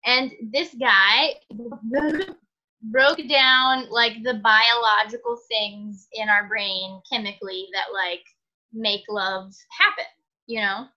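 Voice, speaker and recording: Woman podcast co-host, bright sharp voice, slightly high, giggly chatty, dull lo-fi sound. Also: fairly even intonation, takes it slowly. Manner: giggly, chatty, lots of fillers. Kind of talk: casual podcast chat.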